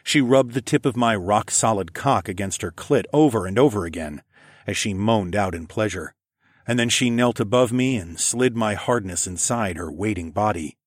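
A man with a fairly low voice narrates an adult story in the first person, reading steadily on a close mic. The sound is dry and intimate, with no room behind it. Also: normal speed, dry recording.

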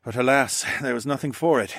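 A man's voice: medium pitch, brisk, vocal fry, fairly bright tone, no echo, clean studio sound, pitched above the performer's own voice. A man voicing a wry, roguish young man, weak and thready from injury.

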